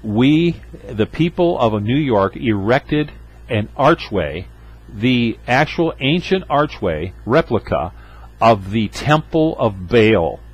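A man's voice: medium pitch, very animated, slow, breathy edge, low-quality recording. A man pastor preaching a sermon, emphatic, with rhetorical asides to his congregation.

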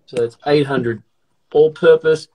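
A middle-aged man talks casually as he bakes, his voice sitting a little high for a man. He jokes, rambles and pokes fun at himself. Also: fairly even intonation, a little slow, darkish tone. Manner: jokey, rambling, self-mocking. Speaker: actor baking along. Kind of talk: casual chat.

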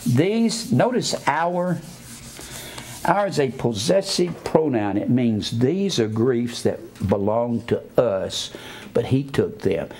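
A man delivering a sermon in a mid-range voice. He spells out words letter by letter and slows down for his quotations. His delivery swings from low, quiet asides to raised, emphatic preaching. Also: lively intonation.

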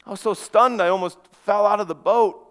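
Man, earnest dramatic storytelling, hushed stretches, reverberant hall. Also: high-pitched, brisk, clean tone. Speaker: preacher in a first-person monologue. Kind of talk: dramatic first-person storytelling.

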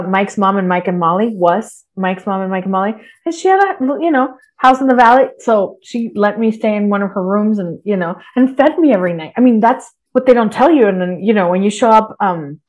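Middle-aged woman from texas, podcast guest, medium pitch, animated, swears a lot, laughs a bunch. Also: fairly quick, few pauses. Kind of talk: casual interview chat.

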